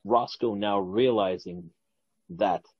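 A man's voice: fairly low pitch, slow, breathy edge, no echo. A man co-hosting a podcast, chatting in an agreeable, reflective way. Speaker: podcast co-host. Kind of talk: casual chat. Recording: dull, dry recording.

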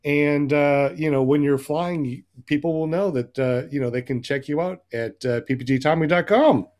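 A man's voice: a little high, normal speed, a little mellow. A man hosting a casual livestream chat, rambling with many fillers. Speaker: host of a paramotor livestream.

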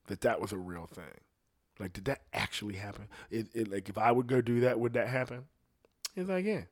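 A middle-aged podcast host rambles through one story after another in a loose, foul-mouthed rant, his voice at an ordinary middle pitch. He keeps dipping into quick quoted voices as he tells them.

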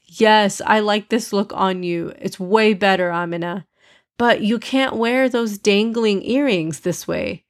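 A woman's voice: medium pitch, unhurried, natural voice. A woman voicing a cheeky young boy who teases his sister, in a storybook reading. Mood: eager. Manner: teasing, lively. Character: cheeky young boy, teasing big brother.

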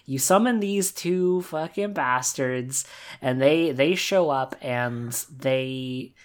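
Podcast co-host with a middle pitch; excitable and gushing, with plenty of casual swearing. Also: slow pace. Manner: enthusiastic and gushing, swears freely. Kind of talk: casual game discussion.

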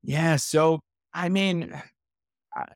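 A man's voice: a little high, drawn-out words, no echo, studio quality. A man in his twenties from Indiana, a podcast guest earnestly recounting his personal story with frequent restarts.

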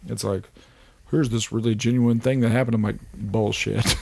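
A man, chatting on a podcast as host, telling animated stories, swearing freely and laughing often. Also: fairly low pitch, normal speed, vocal fry, a little hiss or hum. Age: 30s. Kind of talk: casual chat.

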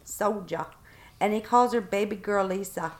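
A woman's voice: mid-range voice, moderate pace. A Southern woman chats casually with a co-host and tells her stories with animation. She slips into the voices of the people she quotes, lifting and dropping her tone as she plays them out. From Southern United States. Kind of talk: casual chat.

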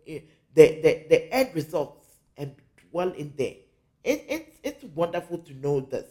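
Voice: medium pitch, mellow. A spiritual teacher from Africa giving an earnest teaching talk, repeating key phrases for emphasis.

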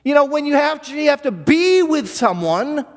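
A man's voice: very high-pitched, very animated, moderate pace, in a large hall. A man preaching a sermon as pastor, earnest, often repeating a word as he restarts a phrase.

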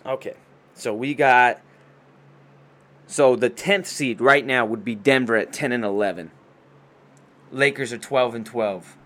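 A man hosting a casual sports show, talking fast and loose with lots of swearing and trash talk. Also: medium pitch. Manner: profane, excitable trash talk.

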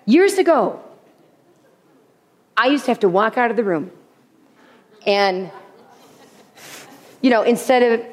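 A woman preaching a sermon with humor, animated, often repeating her key phrases. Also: a little high, measured pace, long pauses. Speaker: women's speaker. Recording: long hall reverb.

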